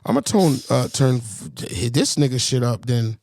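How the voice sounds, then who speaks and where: A man co-hosting a casual comedy podcast, rambling, profane and animated, laughing often, on a podcast mixer mic. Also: medium pitch, normal speed, vocal fry, dry recording, clean studio sound. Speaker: podcast co-host.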